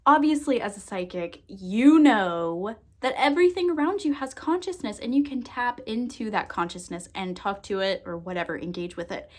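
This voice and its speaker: A woman psychic and energy worker chatting casually to camera, expressive, laughing and swearing freely. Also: mid-range voice, moderate pace, few pauses. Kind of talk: casual to-camera vlog chat.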